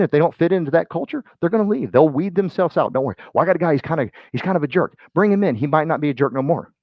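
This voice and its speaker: A man gives a motivational training talk to real estate agents, his low voice swinging between shouted bursts and hushed asides like a preacher. He talks in a folksy, excitable way. The recording sounds dull and muffled, with a dry, close sound. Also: dry recording.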